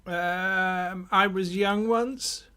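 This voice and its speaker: A man playing a character in a tabletop game, talking in a halting, stammering way. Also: sits high, fairly even intonation, pushed and bright, clean tone. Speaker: player.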